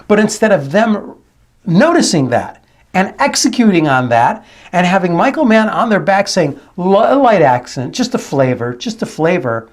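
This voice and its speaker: A man who works as a dialect coach hosts his channel, giving emphatic commentary and repeating his key phrases. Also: high voice. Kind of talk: analytical commentary to camera.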